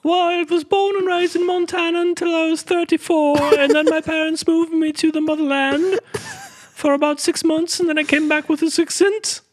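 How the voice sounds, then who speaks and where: A man voicing a goofy ghost man called Gary, in a very high, slow falsetto with a put-on English accent. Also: fairly bright tone, no room sound. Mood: prim.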